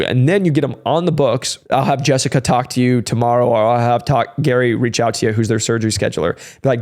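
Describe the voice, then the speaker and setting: A young adult man talks through sales advice in a loose, energetic monologue at an ordinary mid-range pitch. He keeps it conversational, tossing in "like" and "right?" and slipping into quick bits of sample dialogue. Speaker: sales trainer and channel host.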